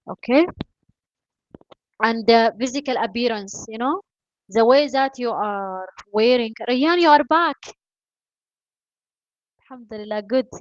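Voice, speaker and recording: A woman whose first language is not English, teaching an online English class by video call, encouraging and filling pauses with "you know" and "uh". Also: mid-range voice, dry recording. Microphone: video call mic. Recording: dull lo-fi video call audio.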